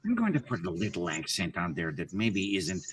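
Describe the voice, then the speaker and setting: A man voicing a sinister male villain with a vague put-on accent, speaking slowly in a hushed, menacing way. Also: low voice, huge pitch swings, far from the mic, slight background noise, voice pushed down.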